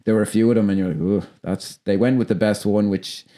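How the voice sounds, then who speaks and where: A man with a Dublin accent, co-hosting a podcast in casual film chat, animated and sweary, acting out quotes as he goes. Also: lowish voice, very fast. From Ireland. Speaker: podcast co-host.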